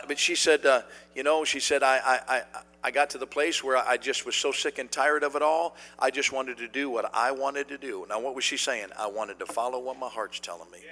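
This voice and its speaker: A man preaching a sermon, telling a story in a folksy, animated way with many fillers and restarts. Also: mid-range voice, in a large hall.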